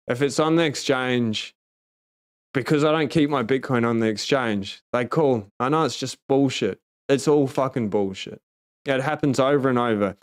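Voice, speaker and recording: Man, Australian accent, casual livestream host, blunt, profane, emphatic, smooth clear voice. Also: medium pitch. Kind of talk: casual livestream chat, reading viewer comments.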